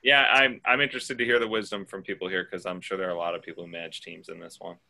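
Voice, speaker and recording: A man's voice: low voice, steady tone, fast, gravelly, pushed and bright, slight background noise, poor audio. A man hosting a group call, giving direct, blunt business advice in a casual way. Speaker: host answering questions.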